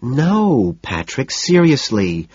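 A man's voice: mid-range voice, huge pitch swings, takes it slowly, darkish tone, husky, no room sound, pitched above the performer's own voice, exaggerated voice. A man voicing a whiny, spoiled, anxious rich young woman in an audiobook, talking in a petulant, whining way. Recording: dull lo-fi recording.

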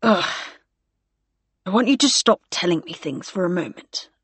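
A woman voicing a formal, diffident male Victorian naval officer who speaks with courteous, halting, old-fashioned phrasing. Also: sits high, lively intonation, fairly bright tone, slightly rough, no echo, heavily acted. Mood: wary, subdued.

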